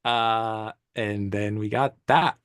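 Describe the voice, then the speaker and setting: Male photographer guest, animated casual storyteller, low pitch, dry close sound. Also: slow, smooth, no echo. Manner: animated, laughing, slangy storyteller. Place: event space on stage.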